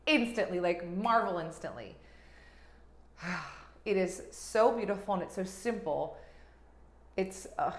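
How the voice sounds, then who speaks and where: A woman life coach hosting her podcast, giving an energetic, gushing motivational talk that swings between loud and hushed. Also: mid-range voice. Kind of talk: motivational monologue. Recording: roomy echo.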